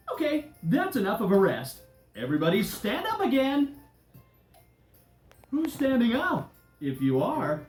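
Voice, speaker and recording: A cheerful candy game leader, played by a woman, coaxing kids along with a wildly bouncing, sing-song voice and slow, clear pacing. The sound is roomy with echo, and light music runs behind, like a children's DVD game. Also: mid-range voice, darkish tone.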